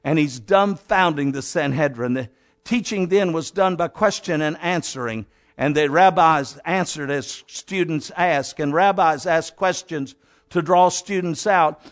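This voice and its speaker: High-voiced fervent male preacher. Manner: fervent, addresses listeners as "my friend", acts out Bible characters. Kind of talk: sermon.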